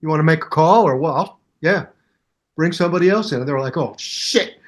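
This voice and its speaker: An older man in his seventies, a musician telling a long anecdote in an interview and acting out both sides of the conversation in lively voices. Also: on the high side, quick pace. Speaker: guest musician. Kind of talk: animated storytelling interview.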